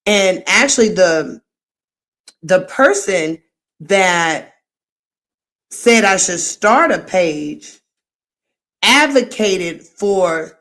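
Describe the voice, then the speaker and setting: A woman's voice: lowish voice, expressive, drawn-out words, long pauses. A middle-aged woman hosting a livestream, chatting casually and telling meandering stories in a friendly way. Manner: chatty, warm-hearted, meandering storyteller. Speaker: livestream host.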